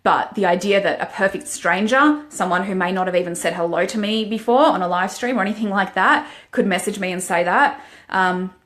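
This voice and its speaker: A woman's voice: mid-range voice, a little fast, fairly bright tone. A woman, a life coach, talking frankly and emotionally to viewers in a motivational live-stream monologue.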